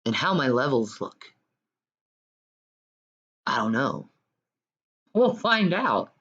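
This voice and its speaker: A woman in loose, rambling, profane chat, swinging from loud sing-song taunts to low mutters, on dull lo-fi audio. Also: sing-song, takes it slowly, husky. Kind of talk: casual rambling commentary.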